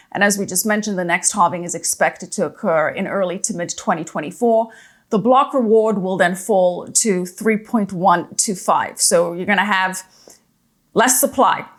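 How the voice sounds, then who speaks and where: A woman news anchor interviewing a guest, poised, with scripted explanations for viewers. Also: medium pitch.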